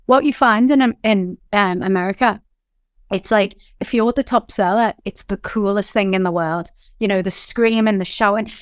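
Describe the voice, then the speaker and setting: A woman from Liverpool with a Liverpool accent, speaking as a business founder in an interview. Her voice is smooth and resonant, and she talks in an animated, chatty way with lots of "like" and "you know." The recording is dry and close. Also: medium pitch, no room sound. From England. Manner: animated, quick storytelling with frequent fillers. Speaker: company founder, guest. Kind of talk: candid interview talk.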